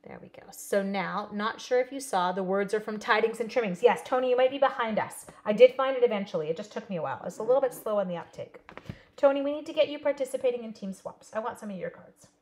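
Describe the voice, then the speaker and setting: A woman's voice: a little high, fast talker. A woman teaching a live card-stamping class in a casual, chatty way, talking to her viewers by name. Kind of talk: casual live craft demo.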